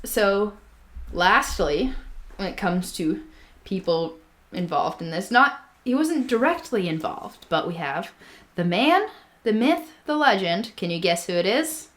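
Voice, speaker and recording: A woman's voice: on the low side, expressive, unhurried, fairly bright tone. A woman co-hosting a casual podcast, telling a history story with many ums and restarts. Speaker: podcast co-host.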